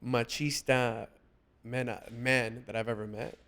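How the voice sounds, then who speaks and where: A man hosting a casual podcast chat, talking earnestly and haltingly with many restarts. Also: medium pitch, little pitch movement, fairly bright tone. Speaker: podcast host.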